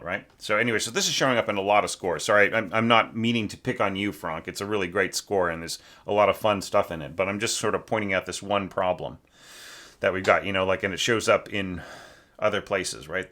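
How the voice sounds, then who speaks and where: A man's voice: low-pitched, bright, forceful tone. A man teaching orchestration, giving a casual spoken critique of a student's score, thinking aloud with frequent restarts and tag questions, sometimes singing rhythms to show a point. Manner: sings rhythms to demonstrate.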